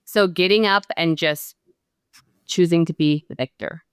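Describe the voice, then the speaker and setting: A woman's voice: lowish voice, a little slow, clean tone, no room sound, clean studio sound. A middle-aged woman speaking as a podcast guest, reflective, earnest and heartfelt. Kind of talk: reflective interview talk.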